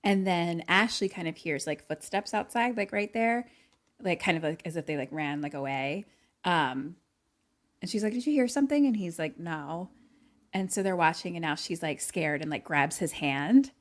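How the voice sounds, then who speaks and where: A woman's voice: fairly low pitch, normal speed. A woman co-hosting a podcast, casually retelling a movie scene by scene with lots of fillers and acted-out quotes. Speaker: podcast co-host. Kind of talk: casual chat recapping a movie.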